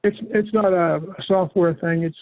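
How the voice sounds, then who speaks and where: A man leads a software training session, talking a user through each click with relaxed, patient instructions. His voice is pitched fairly high. It comes over a tinny, phone-like call with a dry, close sound. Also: moderate pace, no room sound. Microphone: call audio.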